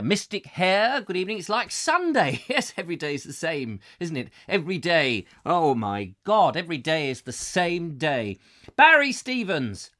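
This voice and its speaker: A man hosting a comic live chat show, ranting and joking with his viewers. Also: sits high. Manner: animated, ranting, jokey asides. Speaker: host.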